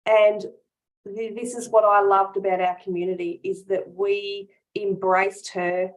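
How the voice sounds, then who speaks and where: A woman business coach chats warmly in an interview, speaking earnestly and from the heart. She often breaks into small laughs and restarts her sentences as she talks. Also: mid-range voice, little pitch movement, measured pace, rough recording. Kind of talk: casual interview chat.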